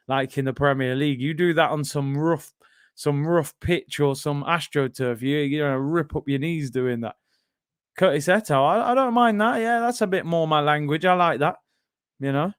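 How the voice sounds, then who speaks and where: A British man runs a live football watch-along, trading excitable banter and reading out what viewers write. His voice is a little high and smooth, captured in clean, echo-free studio audio.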